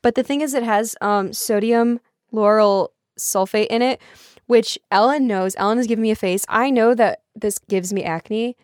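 A young woman co-hosting a podcast, chatting casually and telling animated stories, quick to call herself silly. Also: a little high, dry recording, clean studio sound. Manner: animated storyteller, self-deprecating. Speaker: podcast co-host. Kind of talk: casual chat reviewing products.

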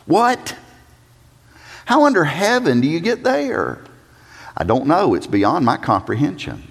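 A man preaching a sermon as pastor, swinging dramatically between loud urgent passages and hushed low ones. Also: wildly swooping pitch, unhurried, vocal fry, long pauses, breathy edge. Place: church sanctuary. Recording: long hall reverb.

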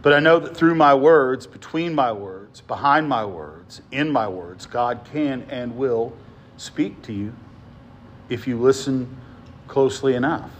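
A man preaching a sermon as pastor, swinging from emphatic lines to soft, hushed ones and often asking his listeners "right?". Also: mid-range voice, a little slow, slight background noise.

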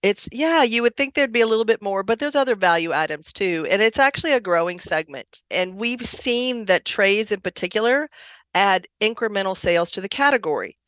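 A woman's voice: medium pitch, lively intonation, brisk, fairly bright tone, dry recording. Enthusiastic businesswoman, dull remote line. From Wisconsin, USA. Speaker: produce company executive guest. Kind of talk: interview answers.

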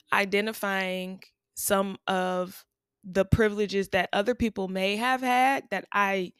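A woman's voice: medium pitch, a bit bright, clean tone, no room sound, studio quality. A woman in her thirties, a teacher, hosting a podcast and telling stories in a chatty, laughing way. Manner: chatty, laughing often, drawn-out repeats. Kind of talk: casual storytelling monologue.

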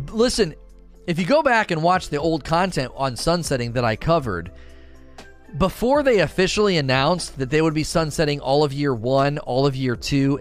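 A man giving casual video game commentary and answering viewer questions, talking in a rambling way with many restarts and asides. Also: mid-range voice. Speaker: gaming content creator.

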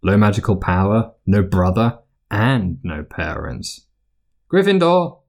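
A man narrating fiction aloud as an audiobook in an expressive storytelling manner. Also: low-pitched, measured pace, vocal fry.

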